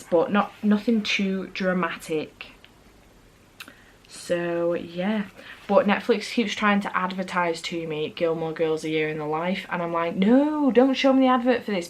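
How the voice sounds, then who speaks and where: A woman's voice: on the low side, rough recording. A woman chatting casually to camera in a rambling vlog. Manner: chatty, rambling, self-correcting. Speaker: vlogger.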